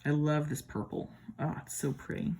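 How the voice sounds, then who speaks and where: Low, gravelly woman from the Midwest. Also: moderate pace, warm tone, a little hiss or hum. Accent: American Midwestern. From American Midwest. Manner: chatty, admiring, with playful asides. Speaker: tarot deck reviewer. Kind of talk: casual deck comparison talk. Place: at home.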